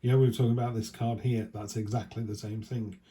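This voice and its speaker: Guy doing a chill tarot reading, mellow voice, rambles a lot. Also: on the low side, little pitch movement, quick pace. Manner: rambling, chatty, restarts and asides. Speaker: tarot reader. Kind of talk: casual weekly tarot reading.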